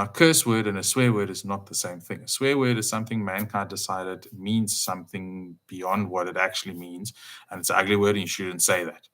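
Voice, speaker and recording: A man giving an emphatic, casual spiritual talk, full of rhetorical questions and swings between loud and soft. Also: lowish voice. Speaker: speaker.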